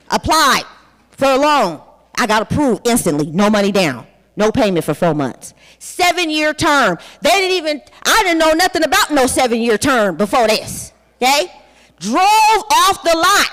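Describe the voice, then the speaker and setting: A woman's voice: high-pitched, a bit bright. A woman in her forties giving a candid, blunt personal testimony with some profanity at a conference. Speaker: conference speaker. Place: large conference hall. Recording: long hall reverb.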